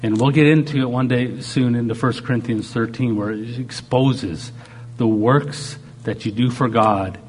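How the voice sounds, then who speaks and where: Animated male preacher, faint hum behind. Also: medium pitch, a little slow. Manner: animated preaching, acting out God's voice in quotes. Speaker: pastor. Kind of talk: sermon.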